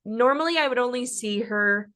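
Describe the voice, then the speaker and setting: A young woman telling a personal story in a podcast interview, speaking haltingly and with feeling, with many pauses and fillers. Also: on the high side, fairly bright tone. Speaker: guest sharing a personal story.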